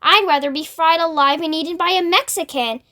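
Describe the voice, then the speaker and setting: A woman's voice: extremely high pitch, fairly quick, sharp tone, voice pushed up. A woman voicing an old green grasshopper that wails and exclaims in a storybook reading. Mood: wailing. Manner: wailing, exclamatory.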